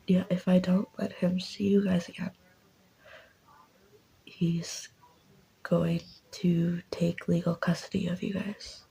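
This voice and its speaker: A woman's voice: lowish voice, creaky, dark tone, husky, heavily acted, rough recording. A woman voicing a frightened, hesitant mother who stammers, in whispered role-play.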